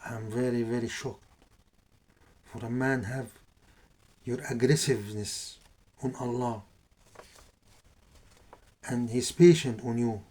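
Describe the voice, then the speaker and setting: A man voicing a calm, defiant male scholar who answers steadily and without fear. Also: mid-range voice, slow, long pauses.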